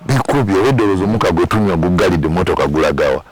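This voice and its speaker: A very low-pitched man with a Ugandan accent talks openly in an interview about his past. He tells it as a story, repeating words for emphasis and putting on the voices of the people he quotes. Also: animated, very fast, darkish tone, no echo, poor audio. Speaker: musician recounting his past.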